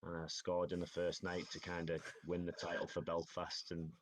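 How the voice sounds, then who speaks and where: Man, low voice, casual, storytelling guest. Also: completely flat delivery, normal speed. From Northeast England. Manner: chatty storytelling, says "aye" and "like". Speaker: ice hockey player guest. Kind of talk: casual podcast interview.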